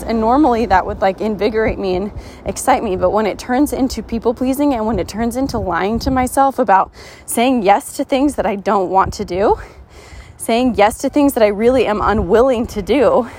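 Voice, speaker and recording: A woman's voice: fairly high pitch, moderate pace, darkish tone, a little hiss or hum. Chatty woman podcast host. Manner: chatty, many "like" fillers and restarts; earnest and encouraging. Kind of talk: casual motivational podcast talk.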